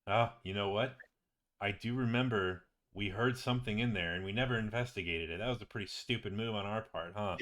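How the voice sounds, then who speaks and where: A man playing a chatty, excitable wizard. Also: lowish voice, fairly quick, lightly acted. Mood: casual.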